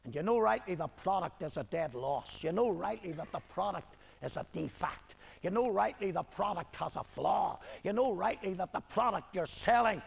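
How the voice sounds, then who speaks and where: A man's voice: high voice, lively intonation, moderate pace, gravelly. An older man, preaching a sermon as pastor with emphatic, repeated rhetorical questions. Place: church hall. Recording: hall echo on old video tape.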